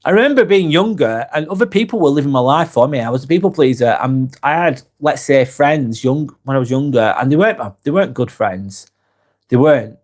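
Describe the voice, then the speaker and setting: A man's voice: medium pitch, lively intonation, brisk. A middle-aged man from England with a Lancashire accent, hosting a live vlog. He has a cold and coughs now and then, and he talks frankly and casually, swearing freely and restarting his sentences. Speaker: vlog host. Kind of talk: live-stream chat reading comments.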